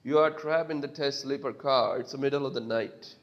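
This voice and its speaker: A man reading an interactive story game's narration aloud in a plain, steady way. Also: mid-range voice, fairly quick, dull audio. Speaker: player narrating.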